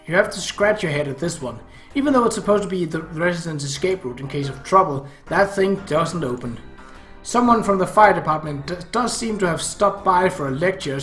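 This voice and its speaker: A man reads visual novel narration in the first person with dry, wry humor. His voice sits high and bright. The room is echoey and faint music plays underneath. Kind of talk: amateur visual novel reading.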